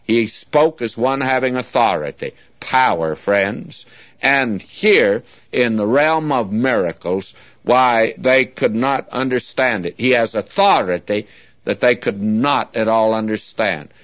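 A man's voice: mid-range voice, animated, slow pace, a bit bright, no room sound. Folksy earnest man preaching, lo-fi. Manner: folksy, earnest, often says "friends". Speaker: Bible teacher. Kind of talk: radio Bible teaching sermon. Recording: dull lo-fi dry recording.

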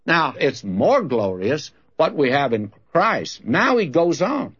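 Older preacher telling a story, husky voice. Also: male voice, a little high, very animated, slow, fairly bright tone. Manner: folksy storyteller acting out both sides of a conversation. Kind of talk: radio-style sermon with storytelling. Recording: dull lo-fi old recording.

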